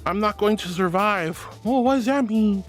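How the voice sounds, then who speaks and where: A man's voice: sits high, moderate pace, soft background music. A man streaming as a VTuber in casual chat, reading viewer messages aloud and greeting people affectionately with pet names. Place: VRChat stream.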